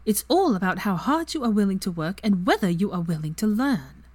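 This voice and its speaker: A woman voicing a fierce, clever young witch in a fan story reading, pitched higher and louder than her narration. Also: very animated, fairly quick, husky.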